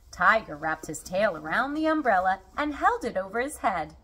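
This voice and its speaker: A woman reading a children's storybook aloud in an expressive, unhurried way. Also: medium pitch, a little hiss or hum.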